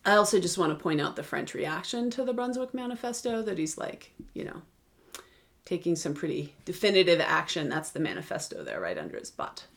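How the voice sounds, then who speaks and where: A woman's voice: fairly low pitch, sing-song, fairly quick, gravelly. A woman giving a casual recorded history lecture, talking informally with many ums and restarts and asking her students questions. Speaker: history teacher.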